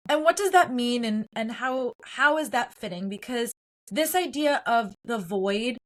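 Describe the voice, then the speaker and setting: A woman's voice: a little high, expressive, unhurried. Earnest woman hosting a film podcast. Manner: earnest, opinionated, builds points in lists. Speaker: podcast host. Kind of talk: solo film commentary podcast.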